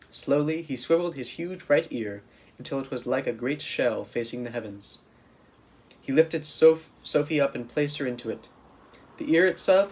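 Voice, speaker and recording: A man reading a children's storybook aloud in a steady, plain way, with small restarts. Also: medium pitch, moderate pace, low-quality recording. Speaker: camp counselor reading aloud.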